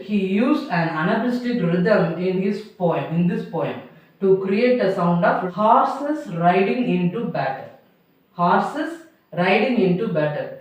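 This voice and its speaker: A man with a high voice teaches slowly, going over each point twice in simple, uneven grammar. The recording is heavily echoey, as if from a bare room. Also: muffled recording. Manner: slow, repeats each point twice, non-native grammar. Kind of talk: classroom lecture. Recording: roomy echo, mic far off.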